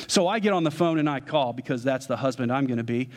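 A man preaching to a congregation, telling a funny personal story in an animated, joking way and talking straight to the listeners. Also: mid-range voice, quick pace, few pauses. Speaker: pastor. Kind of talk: storytelling sermon. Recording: long hall reverb.

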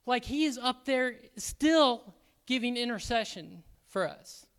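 A man speaking to a church as an elder candidate, excitable and halting, with frequent restarts. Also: extremely high pitch, smooth. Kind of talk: sermon-style church talk.

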